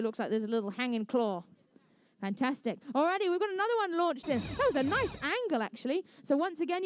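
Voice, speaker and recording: A woman's voice: on the high side, a little mellow, no echo. A young woman with an English accent, refereeing and commentating a live competition in a playful, chatty way with jokey asides. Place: indoor competition venue.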